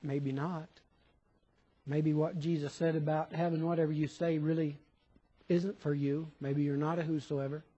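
Casting: high-pitched male preacher, sermon delivery, rhetorical questions, acts out imagined listeners. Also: flat delivery, moderate pace, dark tone, breathy edge, lo-fi sound. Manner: questioning, quotes imagined listeners in shifting voices.

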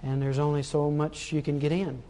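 High-voiced man preaching a sermon. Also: little pitch movement, moderate pace, mellow. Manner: emphatic, rhetorical questions, repeats phrases for stress.

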